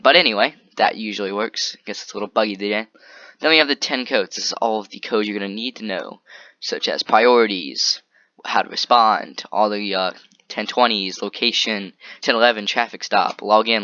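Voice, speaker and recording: A young man talks quickly through a casual screen-recorded tutorial, in a rambling, offhand way. His voice sits a little low but sounds bright and forward. The recording is dry and slightly dull, like a cheap desk mic. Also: no room sound. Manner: rambling and offhand, with frequent "boom" and "anyway". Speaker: tutorial maker.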